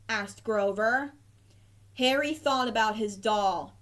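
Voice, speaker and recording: A woman reading a children's picture book aloud in a gentle, clear narrating voice. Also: on the high side, takes it slowly. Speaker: storybook reader.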